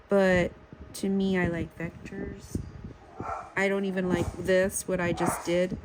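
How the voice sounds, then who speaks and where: A woman vlogging while she draws, talking in a casual, self-deprecating way, full of halting restarts and fillers. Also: mid-range voice. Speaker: art vlogger. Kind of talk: casual rambling commentary while drawing. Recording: audible background noise.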